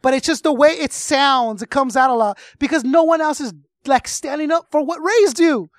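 A man's voice: very high voice, normal speed, no room sound, studio quality. A man co-hosting a casual podcast, ranting with strong opinions and plenty of swearing. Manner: animated, profane, opinionated ranting. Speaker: podcast co-host and music reviewer. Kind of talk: casual chat.

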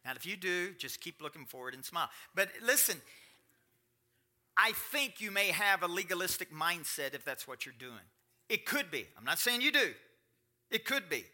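A man's voice: high-pitched, bright, forceful tone. A middle-aged man pastor giving a sermon, chatting plainly with the congregation and then building up to emphatic preaching. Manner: conversational, swinging to rising emphatic preaching.

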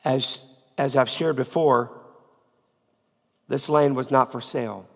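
A man preaching a sermon as pastor, with a cold, repeating phrases emphatically, swinging from loud peaks to quiet. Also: medium pitch, steady tone, slow pace, long reverb tail. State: has a cold.

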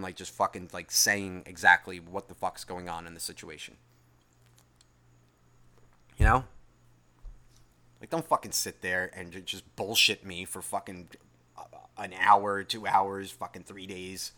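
Profane, rambling man with a bright voice. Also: lowish voice. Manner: profane, rambling, gets worked up. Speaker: podcast host. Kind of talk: solo podcast rant, reading listener email.

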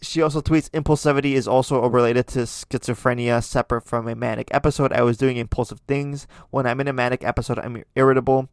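A man's voice: medium pitch, fairly even intonation, fast, hardly any pauses, clean tone, no echo. A man hosting a casual podcast, commenting on tweets in a chatty, opinionated way with many fillers and restarts. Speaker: podcast host.

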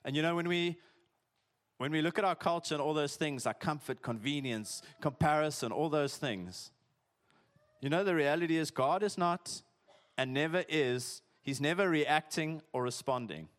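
Chatty pastor preaching. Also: male voice, on the high side, moderate pace. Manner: conversational, chatty, uses "eh" and "like", jokey asides. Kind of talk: sermon.

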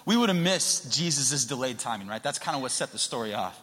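A man preaching a sermon into a handheld mic, conversational and swinging from quiet to loud. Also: medium pitch, expressive, fairly quick. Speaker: pastor. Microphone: handheld microphone. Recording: long hall reverb.

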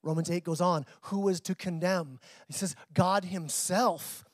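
A man's voice: high voice, steady tone, measured pace, no room sound. A man preaching a sermon to his church in a conversational way, repeating words as he builds and drops his intensity. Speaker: pastor.

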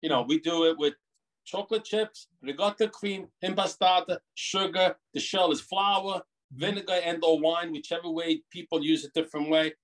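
Italian-born middle-aged man, animated talk. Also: a little high, normal speed. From Italy. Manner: animated storyteller, rambling with many restarts. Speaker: bakery owner. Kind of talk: casual interview over a video call. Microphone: video call.

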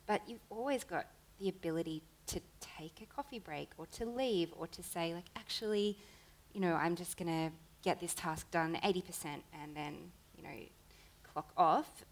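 A woman's voice: on the low side, normal speed, low-quality recording. A woman, an interview guest, talking earnestly in casual chat with long run-on sentences.

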